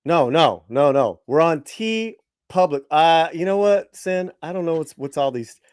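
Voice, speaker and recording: A man's voice: a little high, expressive, unhurried, darkish tone, smooth, dry recording, clean studio sound. A man hosting a casual talk show, chatting enthusiastically and loosely. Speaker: podcast host.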